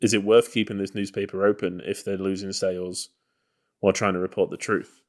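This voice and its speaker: A man's voice: low-pitched, flat delivery, fairly quick. A man co-hosting a podcast, talking casually about a film in a loose, hedging way. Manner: loose and hedging, full of "you know" and "kind of". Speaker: podcast co-host.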